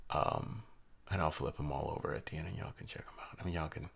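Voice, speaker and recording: Deep male voice, rambling casual card reviewer, slight background hiss. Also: fast talker, creaky. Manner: rambling, chatty, lots of fillers and asides. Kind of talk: casual rambling review while handling cards.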